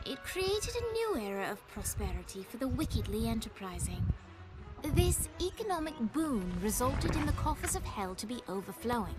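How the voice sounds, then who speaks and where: A woman's voice: fairly high pitch, natural voice, low-quality recording. A woman giving scripted video game story narration with a dry, sardonic delivery. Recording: game audio over loud music.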